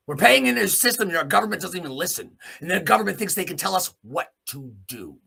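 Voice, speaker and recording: A man from Alberta, Canada, hosting a podcast and delivering an angry, profane rant, swinging between low muttering and shouting. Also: big pitch swings, quick pace, gravelly, few pauses, husky. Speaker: host. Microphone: podcast mic in a small room.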